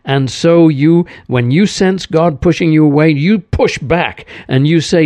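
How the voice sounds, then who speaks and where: A man preaching an earnest sermon, speaking directly to the listener and letting his voice sink low and soft at the ends of phrases. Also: a little slow, hardly any pauses, dry recording. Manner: earnest, addresses listener as "my friend". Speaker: regular host of a recorded devotional.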